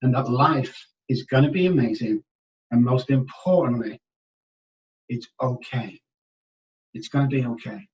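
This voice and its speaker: A man's voice: mid-range voice, a little slow, pauses often. Emphatic older man telling his story. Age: 60s. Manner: emphatic, swings between hushed and loud. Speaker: guest, recovery expert. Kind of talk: candid podcast storytelling. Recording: dull, distant podcast audio.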